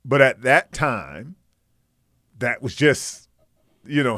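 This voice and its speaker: A male talk radio host who speaks haltingly and gropes for his words in casual discussion. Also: mid-range voice, animated, pushed and bright, dry recording, clean studio sound.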